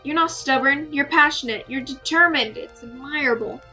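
A woman voicing a male Fae nobleman in a visual novel, reading his lines in a gentle, measured, earnest way. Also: high voice, soft background music.

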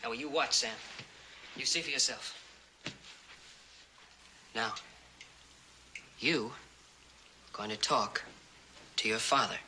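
A patient young cowboy teaching signs. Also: male voice, medium pitch. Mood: patient coaxing. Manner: patient, coaxing, speaks slowly and gently. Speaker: actor in a western TV drama. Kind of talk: 1960s TV drama acting. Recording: noisy vintage TV soundtrack.

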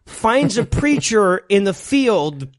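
A man's voice: sits high, sing-song, takes it slowly. A man co-hosting a podcast, casually mocking a movie as he retells its scenes with laughs and swearing. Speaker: podcast co-host. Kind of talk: casual comedic movie commentary.

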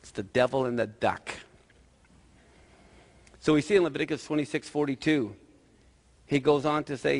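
A male pastor preaching a sermon in a lively, conversational storytelling manner. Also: mid-range voice, fairly quick, in a large hall.

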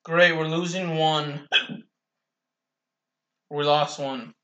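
A young man casually commentating his own gameplay, rambling slowly with restarts, bothered by hiccups and coughs. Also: on the high side, steady tone, fairly bright tone, lo-fi sound.

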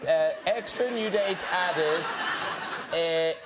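A man's voice: a little high, slow pace, a loud crowd. A man with an Irish accent hosting a TV chat show, teasing his guests with playful questions. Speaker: talk show host. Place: TV studio with live audience.

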